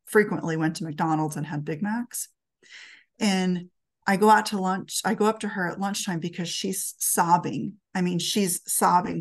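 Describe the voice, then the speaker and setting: A middle-aged woman tells an emotional story to an audience. Her voice sits low and has a gravelly fry to it. She talks earnestly, in a storytelling manner. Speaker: speaker at a talk. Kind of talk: storytelling talk.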